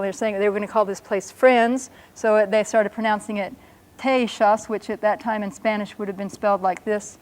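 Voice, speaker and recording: A woman teaching a language lesson, explaining patiently and sounding out words slowly and carefully. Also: medium pitch, darkish tone.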